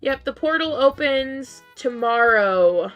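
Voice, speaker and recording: Hoarse-voiced woman streamer chatting with chat. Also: expressive, slow, muffled recording, faint music behind. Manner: chatty, reads and answers chat, jumps to high incredulous outbursts. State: losing her voice, a bit strained. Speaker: game streamer. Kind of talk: casual livestream chat while playing.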